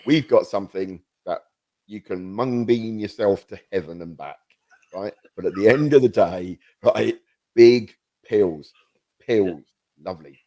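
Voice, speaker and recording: A man's voice: sits low, moderate pace, darkish tone. A man co-hosting a casual podcast chat, rambling and self-mocking with frequent restarts, on a podcast microphone. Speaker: podcast co-host. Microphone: new podcast microphone.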